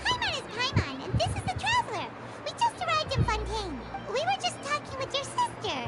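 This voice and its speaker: A woman voicing a tiny, chatty female companion creature in a video game, with a squeaky voice who calls herself by her own name. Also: wildly swooping pitch, a little fast, full character voice. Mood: chirpy. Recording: game audio over loud music.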